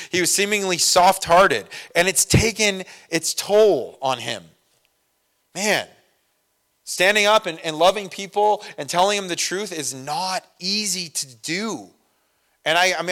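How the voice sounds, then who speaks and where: A man's voice: medium pitch, fairly bright tone. Man preaching a casual, storytelling sermon. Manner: conversational, self-deprecating, storytelling with laughs. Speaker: pastor.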